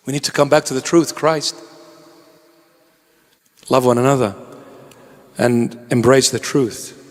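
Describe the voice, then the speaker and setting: A man's voice: mid-range voice, fairly even intonation, measured pace. Impassioned preacher man in a reverberant church. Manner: impassioned, pleading, with joking asides. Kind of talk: sermon.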